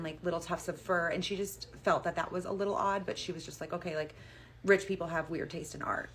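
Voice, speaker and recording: Chatty woman telling a creepy story casually, lowish voice, faint noise behind. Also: a bit bright. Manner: chatty, uses like a lot.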